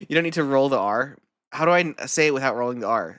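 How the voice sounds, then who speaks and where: Animated giggly streamer woman, dry close mic. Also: very deep voice, a little fast, long pauses, dry recording. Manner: swearing, giggly, repeats words over and over. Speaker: streamer reacting to videos. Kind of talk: casual reaction stream chat.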